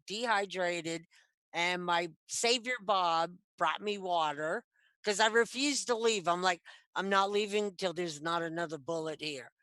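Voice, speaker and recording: A middle-aged woman, a metal detectorist guest on a video call, telling stories in a lively, chatty way. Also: mid-range voice, no room sound. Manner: animated, chatty, acts out quoted lines. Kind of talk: casual storytelling. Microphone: computer mic on video call.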